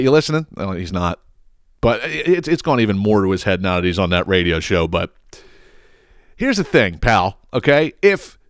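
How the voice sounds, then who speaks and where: Brief: blunt, foul-mouthed male podcast host, young, swinging pitch, dry sound. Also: dry recording. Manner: profane, blunt, exasperated. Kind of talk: ranting podcast monologue.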